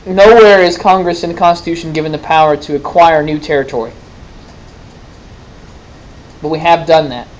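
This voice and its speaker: A man's voice: on the high side, a little mellow, poor audio. A man teaching a class, explaining and quizzing students in a conversational way with folksy asides. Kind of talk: classroom lecture with questions.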